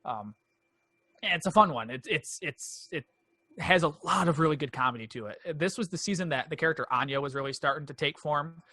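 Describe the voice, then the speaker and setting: A man co-hosting a movie podcast, retelling a TV episode in casual, animated chat. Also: fairly high pitch, fairly quick. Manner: animated storytelling, acting out quoted lines. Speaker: podcast co-host.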